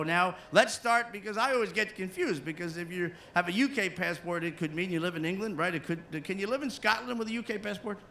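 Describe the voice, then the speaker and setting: Gravelly-voiced man doing stand-up. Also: a little high, bright, forceful tone, slight background noise. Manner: crowd work with put-on silly voices. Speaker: cruise ship comedian. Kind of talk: stand-up comedy to a live audience.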